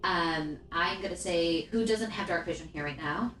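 A woman's voice: on the low side, moderate pace, background noise. A woman runs a tabletop game, talking casually with frequent ums and likes. There is a roomy echo around her voice and a faint murmur behind it. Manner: casual, filler-heavy narration. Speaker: game master.

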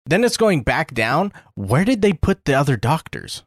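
A man's voice: fairly high pitch, sing-song, moderate pace, no echo, clean studio sound. A man co-hosting a podcast, griping bluntly and emphatically with casual swearing. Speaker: podcast co-host. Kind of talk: casual chat.

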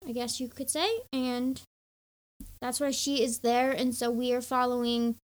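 A young woman with a high, light voice talks through a novel's plot on a book podcast. She chats loosely and now and then slips into quick acted reactions. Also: level tone. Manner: chatty, acts out her own reactions. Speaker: podcast co-host. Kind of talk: casual book discussion.

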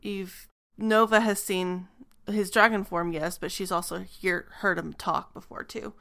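A woman narrating a tabletop game as game master, describing scenes with frequent pauses and ums. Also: mid-range voice, steady tone, creaky, fairly bright tone.

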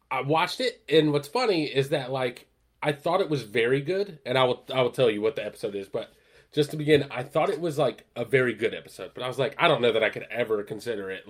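Male podcast co-host, mid-pitched, casual chat, rambling and filler-heavy, punches up the quoted lines. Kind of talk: casual chat, retelling a TV episode.

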